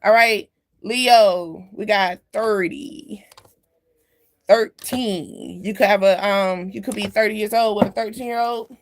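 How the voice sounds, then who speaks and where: A woman's voice: medium pitch, fairly even intonation, slow pace, slight background noise. A woman giving a casual spiritual card reading straight to camera, chatty and loose, often turning to the viewer with side remarks and drifting off topic. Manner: drifts off topic and laughs at herself. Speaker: tarot card reader.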